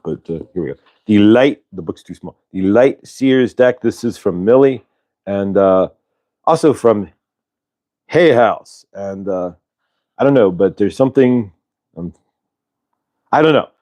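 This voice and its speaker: A man hosting a casual spiritual livestream, reading cards and talking in a rambling, halting way with many fillers and restarts. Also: lowish voice, a little mellow. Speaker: channeler and show host.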